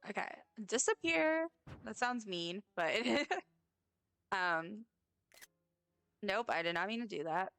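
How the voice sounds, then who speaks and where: A woman's voice: mid-range voice, slow, long pauses, a bit bright, clear, resonant tone, no room sound, faint music behind. A woman streaming a game, chatting casually and rambling with lots of fillers. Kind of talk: casual gameplay chat.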